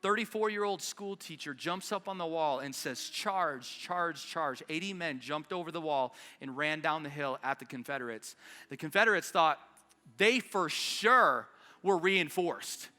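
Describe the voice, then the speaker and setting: A man's voice: fairly high pitch, animated, normal speed, pushed and bright, in a large hall. A man preaching an impassioned sermon as pastor at a church service, urging his congregation forward. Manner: impassioned preaching, urgent rallying calls. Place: church service in South Denver.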